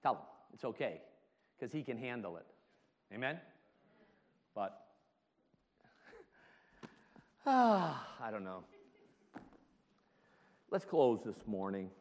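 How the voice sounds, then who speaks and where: A man's voice: medium pitch, sing-song, slow, pauses often, a little mellow. A man preaching a sermon as pastor, emphatic and full of rhetorical questions, laughing often between points. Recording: long hall reverb.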